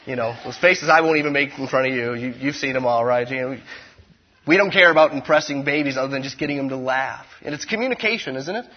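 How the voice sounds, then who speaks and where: Male pastor, husky and fairly high, conversational preaching style, loud-to-hushed swings, dull lo-fi sound. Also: fairly even intonation, fast. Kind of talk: sermon.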